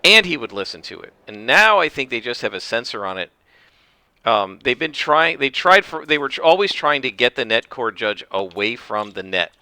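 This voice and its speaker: A man giving casual commentary over his own tennis game, explaining the rules at length and rambling with restarts and throat clearing. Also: mid-range voice, sing-song, normal speed, bright, forceful tone, no echo. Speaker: gameplay commentator. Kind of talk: casual let's-play commentary.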